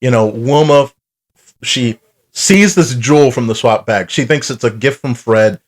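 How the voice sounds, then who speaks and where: A man's voice: mid-range voice, a little slow. A man co-hosting a cartoon podcast, retelling the plot in rambling, profane, casual chat. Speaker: podcast co-host.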